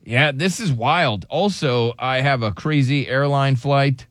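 A man's voice: medium pitch, unhurried, fairly bright tone, dry recording, clean studio sound. A man hosting a morning radio show, teasing his co-hosts and laughing often in casual banter.

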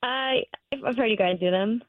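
Woman calling into a radio show, kinda high voice, lots of ums, thin phone sound. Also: normal speed, no echo. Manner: hesitant, giggly storyteller with many fillers. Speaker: caller on the phone. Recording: tinny phone line.

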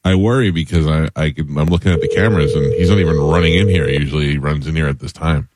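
A man's voice: rumbling low, fast talker, very noisy. A man hosting a live morning radio show, running roll call and teasing his co-hosts in casual banter.

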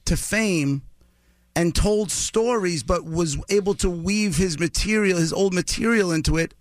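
Higher-voiced chatty radio host man. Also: a little slow, dry recording. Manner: chatty, enthusiastic, stumbles on restarts. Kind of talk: casual radio chat.

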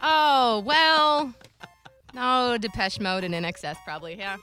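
A woman's voice: on the high side, unhurried, bright, forceful tone, smooth, soft background music. A woman co-hosting a radio show, reacting expressively in casual chat. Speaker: radio co-host. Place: radio studio.

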